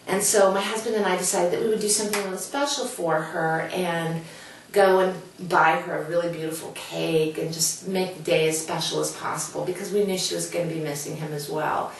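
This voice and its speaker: A woman's voice: fairly low pitch, steady tone, brisk, gravelly, distant mic, slight background noise. Earnest woman author in an echoey room. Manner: earnest, heartfelt storytelling. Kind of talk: casual guest talk to camera.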